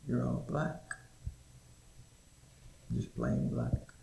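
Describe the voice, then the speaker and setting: A man voicing a kind, wise male Creator spirit who speaks gently and reassuringly, in an echoey room. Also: medium pitch, fairly even intonation, very slow, creaky, a little hiss or hum, exaggerated voice.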